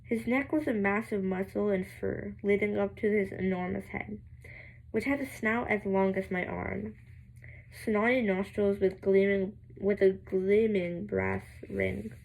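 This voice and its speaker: A young woman reading a novel aloud, halting and restarting words, with giggling asides. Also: mid-range voice, steady tone, vocal fry, a little mellow, poor audio. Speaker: amateur reader.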